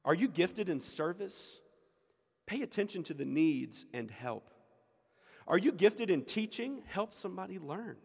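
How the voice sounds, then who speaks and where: A man's voice: high-pitched, very animated, measured pace, creaky, slightly rough. A man preaching a sermon as pastor, emphatic and repeating his key lines for the congregation. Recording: echoey hall with long reverb.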